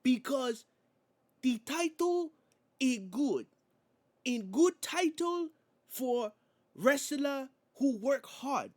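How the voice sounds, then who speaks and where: A man putting on a boastful male wrestling champion who speaks slow, broken English with a Spanish accent. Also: extremely high pitch, animated, voice pushed up, heavily acted. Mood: proud. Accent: put-on Spanish-accented English. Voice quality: loud, slow, declaiming and grand.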